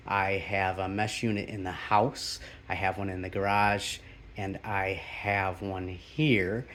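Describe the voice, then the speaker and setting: A man showing around his backyard golf simulator shed in a casual, halting way, full of fillers and restarts. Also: fairly low pitch. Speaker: golf vlogger. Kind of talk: casual home tour.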